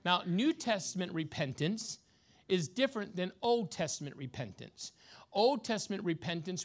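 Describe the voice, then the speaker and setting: A man's voice: high-pitched, big pitch swings, normal speed. A man preaching a sermon at a church service in a conversational, emphatic style, full of rhetorical questions. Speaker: guest preacher, bishop.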